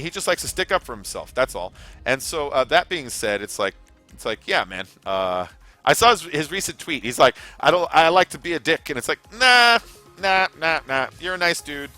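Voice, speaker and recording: This streamer's mid-range voice comes across bright and forceful. With music in the background, he talks loosely during his live gaming session, drifting between topics and cursing now and then.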